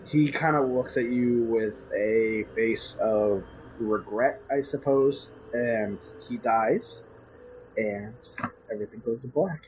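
A man's voice: mid-range voice, takes it slowly, a little mellow, a little hiss or hum, low-quality recording. Rambling man narrating as game master. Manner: rambling narration with fillers and restarts.

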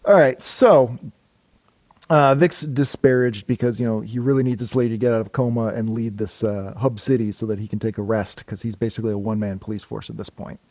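A man co-hosting a podcast, talking in a rambling, animated way and swearing freely in casual chat. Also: fairly low pitch, fairly quick, no echo. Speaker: podcast co-host discussing comics.

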